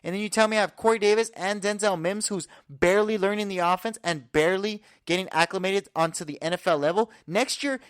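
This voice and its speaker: A man hosting a podcast, giving an energetic, confident sports breakdown full of statistics. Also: high voice, clean tone, no room sound, studio quality. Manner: energetic, confident, stat-heavy rundown. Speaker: podcast host. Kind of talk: casual sports analysis talk.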